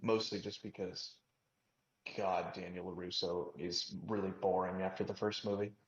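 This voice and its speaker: A man's voice: deep voice, level tone, moderate pace. A man in casual chat, teasing and opinionated, swearing casually. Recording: roomy lo-fi recording.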